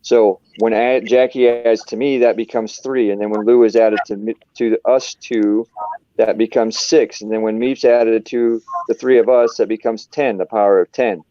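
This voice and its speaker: A man with a mellow, dark voice talks earnestly on a live panel, rambling and restarting his sentences. The sound is muffled and dry. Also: lowish voice, steady tone, normal speed, dry recording. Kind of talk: casual chat. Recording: dull, dry stream audio.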